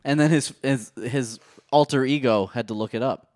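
A man's voice: mid-range voice, moderate pace, darkish tone, no room sound. A man co-hosting a comedy podcast, bantering in a playful, mock-outraged way. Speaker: podcast co-host. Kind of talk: casual comedy podcast chat.

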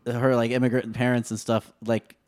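A man's voice: medium pitch, little pitch movement, normal speed, a little mellow, clean tone. A man co-hosting a podcast, rambling loosely and laughing along. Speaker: podcast co-host. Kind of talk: casual podcast chat.

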